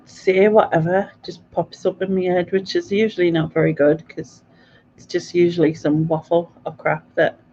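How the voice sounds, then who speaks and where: A woman's voice: fairly low pitch, little pitch movement, normal speed, warm tone, slight background noise. Giggly rambling woman on a lo-fi stream. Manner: giggly, rambling, laughs often. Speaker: co-host. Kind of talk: late-night livestream chat. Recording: slightly dull lo-fi sound.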